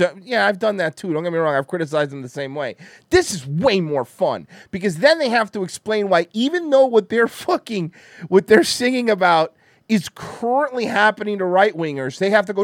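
High, animated man ranting on a stream. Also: a little fast, dry recording, studio quality. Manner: profane, sarcastic, mocking. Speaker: livestream host. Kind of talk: casual commentary rant.

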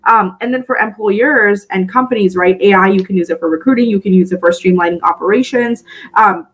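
A woman's voice: medium pitch, brisk, poor audio. A woman who founded a recruiting company, speaking as a podcast guest in a fluent, advisory way that is full of "you know" and "right?". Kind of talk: casual interview chat.

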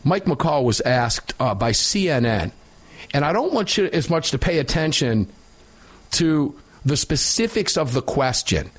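A man's voice: on the high side, very animated, a little slow. A man hosting a talk radio show, giving opinionated commentary in an emphatic, sarcastic way.

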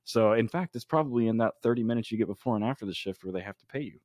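A low-voiced man hosting a podcast fires off blunt, offhand remarks at a quick clip. His voice sounds close and dry, with no room around it. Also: darkish tone, no room sound. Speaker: podcast host. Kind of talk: casual podcast chat.

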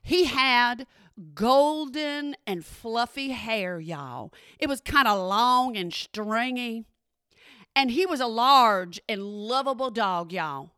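A middle-aged woman telling a story in a chatty, animated way and often checking in with her listeners. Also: a little high, smooth, no echo, clean studio sound. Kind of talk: casual spoken storytelling.

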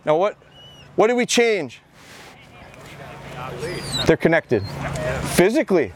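High-voiced man coaching a dog class. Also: sing-song, slow pace, a little hiss or hum. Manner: coaching, repeats words while giving instructions. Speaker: dog training instructor. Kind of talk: outdoor training demonstration. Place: outdoors on a mowed field.

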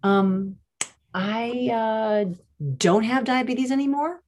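A woman's voice: on the high side, slow pace, darkish tone, voice pushed up. Woman doing a bubbly, dramatic teen girl. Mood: excited. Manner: bubbly and breathless, strutting. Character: excited dramatic eighteen-year-old girl.

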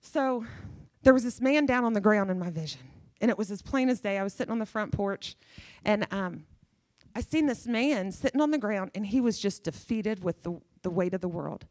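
A woman's voice: mid-range voice, expressive, moderate pace, darkish tone, dry recording, studio quality. A middle-aged woman preaching a sermon with fervor, emphatic and repeating phrases for effect.

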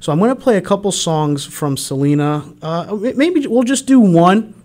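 A man's voice: high-pitched, expressive, darkish tone. Rambling man radio host. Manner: rambling, halting with many fillers and restarts. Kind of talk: casual radio DJ chat. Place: radio studio.

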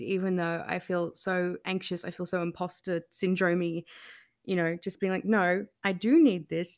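A woman's voice: medium pitch, a little mellow. A woman guest in an interview, speaking candidly and emotionally with many fillers and restarts.

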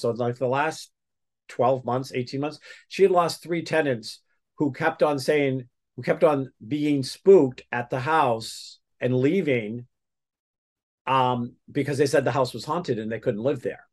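A man's voice: mid-range voice, a little slow, a little mellow. Man rambling through a story. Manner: rambling, with many restarts and fillers. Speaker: guest. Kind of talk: casual storytelling interview.

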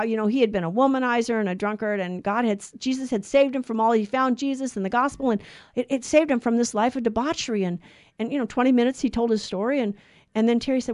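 A woman's voice: fairly high pitch, quick pace, darkish tone, no echo, studio quality. Earnest woman teaching Bible on radio. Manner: earnest, conversational teaching with restarts. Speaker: radio Bible study co-host.

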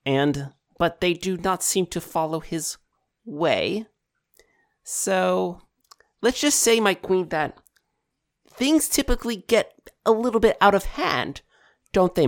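A calm female sea oracle, put on by a woman game master, unhurried and sly. The voice sits a little low and swings freely in pitch. The sound is close and dry. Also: dry recording, heavily acted.

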